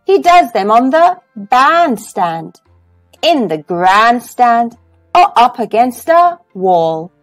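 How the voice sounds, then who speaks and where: A woman's voice: a little high, big pitch swings, slow pace, dry recording, soft background music. A woman reading a children's phonics storybook aloud in a sing-song storytelling way. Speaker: storybook reader.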